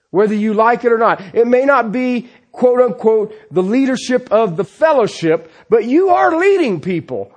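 A man preaching a sermon who keeps asking rhetorical questions and checking in with the congregation with "okay?", telling stories with animation. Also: very high-pitched. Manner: peppers his points with rhetorical questions and "okay?".

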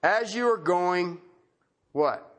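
A man's voice: high voice, animated, slow, fairly bright tone. A male preacher giving a conversational sermon, asking rhetorical questions and repeating key phrases.

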